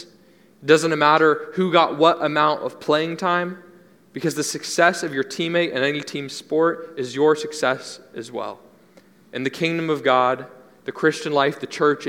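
A man's voice: a little high, pushed and bright. Earnest young male pastor preaching. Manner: earnest, conversational preaching with emphatic repetition. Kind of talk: sermon. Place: church hall. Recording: long hall reverb.

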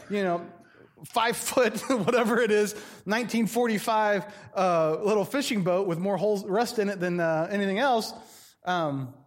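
Middle-aged male pastor, high-ish voice, animated preaching that acts out quoted voices. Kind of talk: sermon.

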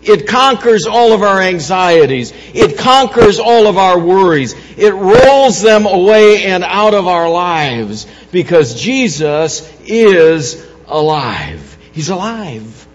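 A man preaching an Easter sermon as pastor. He swings between soft, low reflection and loud, raised preaching, and often repeats words and restarts phrases. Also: very animated, slow pace, few pauses. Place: church sanctuary. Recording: dull, echoey church hall.

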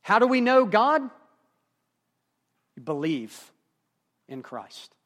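Male preacher, high-pitched, sermon delivery that drops soft then builds to emphatic runs. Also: big pitch swings, slow pace, pauses often. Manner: dynamic preaching, swings from hushed to emphatic. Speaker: pastor.

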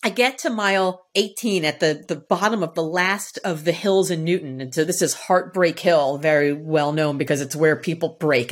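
A woman from the area, a guest on a podcast, telling a personal story in a lively way and acting out the quotes. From Boston area, United States. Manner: lively, acts out quotes with shifting pitch. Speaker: podcast guest, author and speaker. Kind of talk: animated storytelling in conversation.

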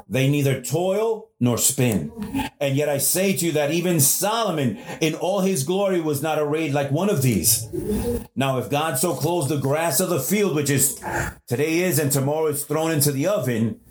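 A male pastor preaching a sermon with emphatic delivery, slowing down and speeding up, often repeating and restarting words. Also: on the high side, darkish tone, roomy sound, a little hiss or hum.

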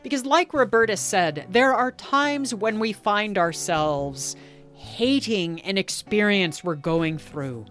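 A woman podcast host in gentle, contemplative narration and reflective conversation. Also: mid-range voice.

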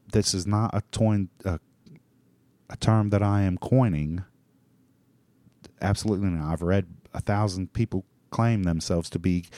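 Low, dark-voiced man rambling profanely. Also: no room sound. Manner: profane, meandering, frequent restarts and fillers. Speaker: podcast host. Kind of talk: rambling solo monologue.

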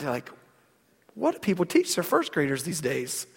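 With a high, sing-song voice and a breathy edge, a thirties-aged pastor preaches a conversational sermon full of stories at normal speed. Sentences often begin with repeated words, echoing through a church sanctuary with long hall reverb.

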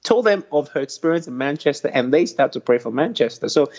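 A man's voice: fairly high pitch, quick pace, a crowd in the background. Earnest man telling his testimony. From England. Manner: earnest storytelling, animated recounting of spiritual experiences. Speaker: interview guest, prayer ministry founder. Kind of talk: casual testimony in an interview. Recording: slightly dull lo-fi audio.

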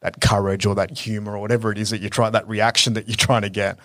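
Podcast co-host, man in his 30s, low-pitched, reflective and rambling, dry close sound. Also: flat delivery, quick pace, a bit bright, dry recording. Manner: reflective storytelling with many fillers. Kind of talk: casual conversational chat.

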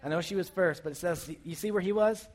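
Youth pastor, man, high voice, chatty sermon that keeps asking the crowd questions. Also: quick pace. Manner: conversational, asks the audience questions. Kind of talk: casual sermon.

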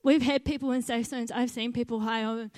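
A woman's voice: fairly high pitch, steady tone, a little fast, a little mellow, no room sound. A young adult woman, earnestly telling a personal faith story about volunteering, with bits of laughter at herself. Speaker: volunteer team leader. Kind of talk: personal testimony.

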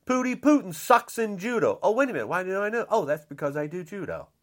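A man's voice: high-pitched, very animated, quick pace, a bit bright. An older man delivering an angry, blunt rant, repeating himself and saying how upset he is. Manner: indignant, repetitive, blunt.

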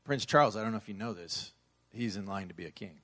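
Animated joking male preacher. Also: fairly low pitch, fast talker. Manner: animated, joking, swells loud for emphasis. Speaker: pastor. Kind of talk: sermon.

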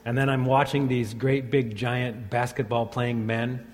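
A man's voice: medium pitch, level tone, unhurried, darkish tone. A man in his fifties, a pastor, reading scripture and then preaching in a plain, conversational way. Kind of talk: sermon. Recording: long reverb of a church hall.

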